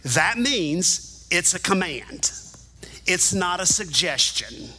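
Bright high-voiced man preaching. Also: takes it slowly, slightly rough, poor audio. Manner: animated teaching, direct address to congregation. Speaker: pastor. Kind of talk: sermon. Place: church sanctuary.

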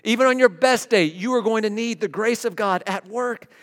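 Middle-aged pastor guy, high voice, preaching in a big echoey church, chatty then punchy. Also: normal speed, fairly bright tone. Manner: conversational preaching, rising to emphatic declarations. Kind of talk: sermon. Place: church sanctuary. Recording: long hall reverb.

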